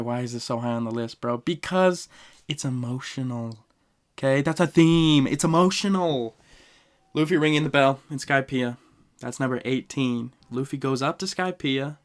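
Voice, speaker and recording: A young man hosting a podcast, casually ranking anime moments with animated, emotional storytelling and slang. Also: mid-range voice. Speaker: podcast host.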